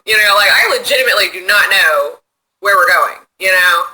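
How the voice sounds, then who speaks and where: Bright, excitable, foul-mouthed woman livestreaming. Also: mid-range voice, fast talker, low-quality recording. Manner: profane, rambling and excitable. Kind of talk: casual chat reading viewer comments. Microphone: phone.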